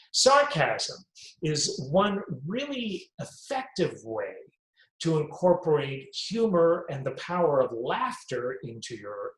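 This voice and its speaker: A male host giving a health and wellness talk, emphatic and deliberate in his delivery. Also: mid-range voice, a bit bright, reverberant, poor audio.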